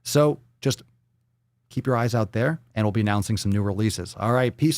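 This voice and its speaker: A man's voice: fairly low pitch, moderate pace, a little mellow, no room sound. A man hosting a fitness livestream in casual banter, playful and theatrical, swearing freely. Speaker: livestream fitness show host.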